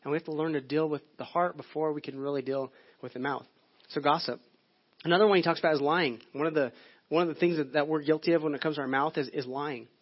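A man's voice: steady tone, quick pace. A man preaching a sermon in a casual, conversational way, often repeating words as he searches for the phrase. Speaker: pastor. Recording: muffled low-fidelity audio.

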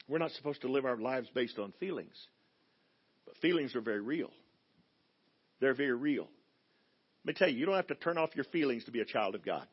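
A middle-aged man preaches a sermon in a church, his voice a little husky and pitched fairly high. He tells stories, dropping to quiet asides and then rising into loud, emphatic declarations. The recording sounds slightly dull and muffled. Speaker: guest pastor. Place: church sanctuary.

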